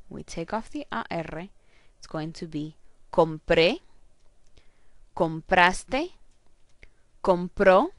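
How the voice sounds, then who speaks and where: A woman teacher giving a recorded grammar lesson, slowly and carefully saying each verb ending aloud. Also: medium pitch, no room sound. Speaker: Spanish teacher.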